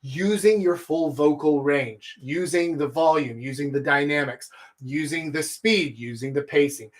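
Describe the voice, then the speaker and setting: Man, from Texas, thirties or older, dating coach, live stream, slightly high voice, animated, emphatic, blunt, profane. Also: a little slow. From Texas, USA.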